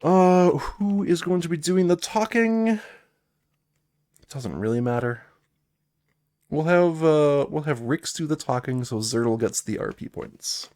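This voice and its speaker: A man's voice: fairly high pitch, expressive, slow, a little mellow. A man streaming a solo tabletop game, chatting casually and reading game cards aloud. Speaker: solo game player and narrator. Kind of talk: casual live-stream play-through.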